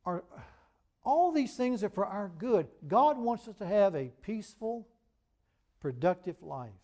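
A man preaching a sermon, earnest and emphatic, who reads scripture aloud in a measured cadence. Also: sits high, expressive, warm tone. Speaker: pastor.

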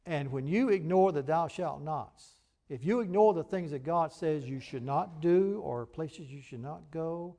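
A man preaching a sermon, earnest and emphatic, who reads scripture aloud in a measured cadence. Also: on the high side, dark tone. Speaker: pastor.

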